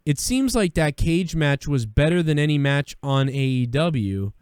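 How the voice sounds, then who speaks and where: A man's voice: on the high side, animated, measured pace, a little mellow, smooth, dry recording, clean studio sound. A man hosting a call-in show, chatting casually with loose, profane storytelling and repeated phrases.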